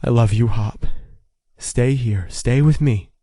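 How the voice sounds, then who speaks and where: A man voicing a steady young male race car driver who speaks firmly and reassuringly, in an audiobook. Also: medium pitch, slow, no echo, studio quality, lightly acted. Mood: soothing. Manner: firm and reassuring.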